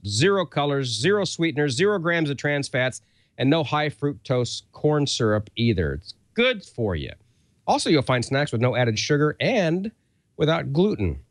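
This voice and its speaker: A middle-aged man co-hosts a casual talk show and jokes his way through a sponsor read, poking fun at himself. His voice leaps up and down in pitch and sits a bit high for a man. The sound is close and dry. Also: no room sound. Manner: jokey, animated, self-mocking. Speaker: co-host reading an ad.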